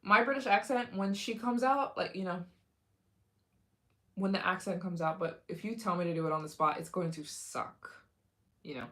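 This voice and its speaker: A woman's voice: on the low side, moderate pace, long pauses, bright, forceful tone. A young adult woman hosting a casual livestream, chatting with viewers in a rambling way with many fillers and restarts. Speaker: livestream host.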